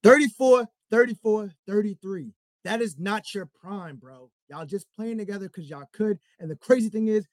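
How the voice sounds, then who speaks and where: A man's voice: sits high, no room sound. A young man hosting a solo sports podcast, rambling and getting heated, full of "like" and "bro". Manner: rambling, heated, repeats himself with lots of "like" and "bro". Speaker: podcast host. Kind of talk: solo sports talk rant.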